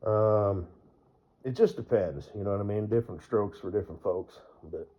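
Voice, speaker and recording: A man's voice: lowish voice, moderate pace, breathy edge. A man vlogging in a casual, rambling way, full of fillers and laughing at his own jokes. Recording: dull lo-fi recording.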